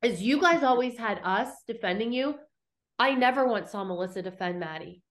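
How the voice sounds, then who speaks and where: A woman's voice: on the high side, expressive, moderate pace. A woman co-hosting a podcast, telling a story with animation, acting out what others said and swearing now and then. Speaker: podcast co-host. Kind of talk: casual recap chat.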